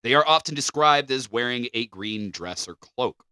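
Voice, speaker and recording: A man's voice: mid-range voice, lively intonation, moderate pace, sharp tone, smooth, no room sound. A man co-hosting a podcast, reading facts from notes and then joking around casually. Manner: joking, loose, swears casually. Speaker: podcast co-host.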